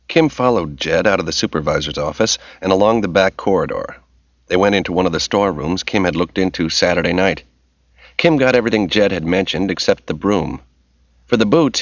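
A man narrating an audiobook in a steady, measured reading voice. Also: sits low, no room sound. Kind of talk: scripted narration. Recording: dull lo-fi recording.

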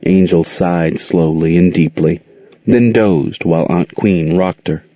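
Expressive male audiobook narrator, deep, dry, lo-fi recording. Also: measured pace, no room sound. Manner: expressive storytelling. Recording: dull, dry muffled audio.

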